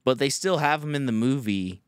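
Chatting casually on his podcast, a young male host tells a wandering story laced with profanity. He speaks at normal speed in an animated, mid-range voice that is clear and resonant, with clean studio sound and no echo.

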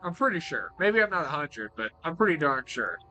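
Excitable joking man narrating a playthrough. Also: on the high side, brisk, soft background music. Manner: excitable, joking, swears freely. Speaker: gaming video creator. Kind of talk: playthrough commentary.

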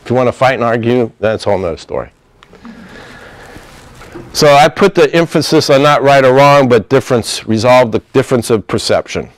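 Talking a little fast in an animated, medium-pitched voice, a middle-aged male therapist chats informally about communication and performs bits of dialogue with laughter. The recording is dry.

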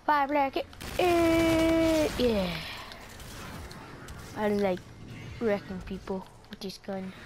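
A woman's voice: a little high, flat delivery, slow, pauses often. A young woman giving playful, silly commentary while playing a shooter game, squealing and singing little nonsense lines. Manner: playful, squealing, silly sing-song asides. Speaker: gamer. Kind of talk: casual gameplay commentary. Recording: noisy game audio behind.

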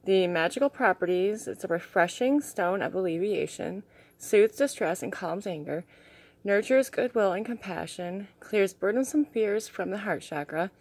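A young woman vlogging in an excited, gushing way, a little out of breath, sometimes dropping to soft asides. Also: mid-range voice, moderate pace. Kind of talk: casual unboxing chat.

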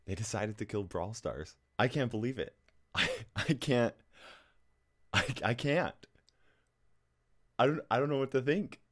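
A man's voice: medium pitch, unhurried, long pauses, a bit bright. A man vlogging for his gaming channel, talking straight to camera in an anxious, rambling way, with nervous laughs and frequent restarts. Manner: restless, with frequent restarts and fillers. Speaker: gaming YouTuber. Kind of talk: casual talking-head vlog.

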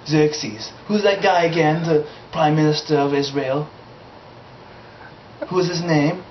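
The comic character host here is a man with a high-side voice who speaks at a slow pace, rambling through an improvised amateur sketch in a vaguely foreign put-on accent. It's recorded as roomy, dull lo-fi home video with a little hiss or hum.

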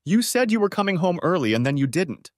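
A man's voice: very animated, brisk, no room sound, studio quality. A man voicing a flustered, pleading young wife who stammers when caught. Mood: sweet. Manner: higher, stammering, tearful pleading.

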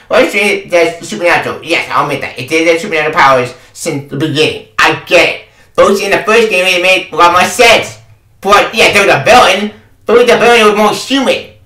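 A man's voice: fairly high pitch, sharp tone, recorded from a distance. A man ranting about a game he reviews, exasperated and swearing, often repeating himself. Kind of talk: angry review rant. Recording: echoey room, away from the mic.

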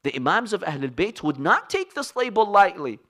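A man's voice: high-pitched, sing-song, moderate pace, fairly bright tone. A man giving a sermon, retelling an old story in an earnest, emphatic way with casual asides to his listeners. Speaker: religious speaker.

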